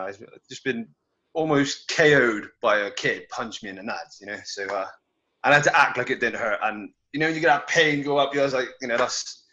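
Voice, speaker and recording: Male wrestler, halting and wry, dull lo-fi recording. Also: medium pitch, bright, forceful tone. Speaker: wrestler guest. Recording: dull lo-fi audio.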